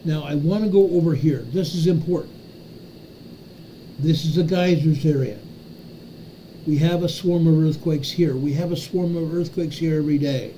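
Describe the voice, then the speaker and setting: A man hosts a live earthquake update, pointing out spots on a map as he goes. He repeats himself for emphasis and keeps checking in with "okay?". His voice sits a little high but sounds very dark and mellow, with a faint hiss underneath. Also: moderate pace, long pauses, poor audio. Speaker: host of an earthquake update livestream. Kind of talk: live map walkthrough talking to chat.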